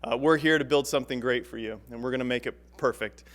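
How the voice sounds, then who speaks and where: A man's voice: mid-range voice, quick pace, a bit bright. A man giving an upbeat, emphatic speech at a press event as a company executive. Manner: upbeat, emphatic, repeats for stress. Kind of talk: public speech at a podium.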